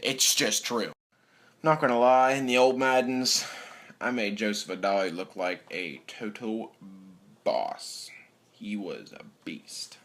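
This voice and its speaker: A young man giving a profane, animated rant as a sports fan vlogger, mimicking players in between. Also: on the low side, slow. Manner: animated, swearing, mimics players in quoted voices.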